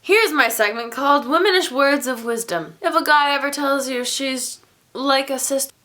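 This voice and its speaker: A woman's voice: high-pitched, normal speed, pushed and bright. A young woman giving a casual, rambling book review, with jokey asides and little quoted voices.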